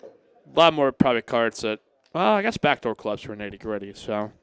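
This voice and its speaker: A man calls a live poker game and chats loosely with his viewers. His talk rambles and is peppered with casual swearing. His voice sits at an ordinary middle pitch. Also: big pitch swings, moderate pace, a bit bright, clear, resonant tone. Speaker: poker stream commentator. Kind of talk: live commentary and chat reading.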